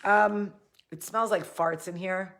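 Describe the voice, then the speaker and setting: A woman with a New Jersey–New York accent hosts a loose storytelling chat. She is a bit tipsy and slow-paced, and she drifts into jokey, off-the-cuff asides. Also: mid-range voice, fairly even intonation, fairly bright tone. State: tipsy from drinking. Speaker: host. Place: indoors, seated in a chair.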